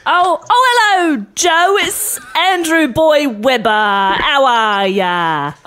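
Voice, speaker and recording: Guy putting on a posh british composer voice, slow and swoopy, giggly and rude. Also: very high voice, expressive, pushed and bright, heavily acted. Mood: mock-stern. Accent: put-on British. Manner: halting, giggling through insults. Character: pompous British composer, middle-aged man, gleefully rude.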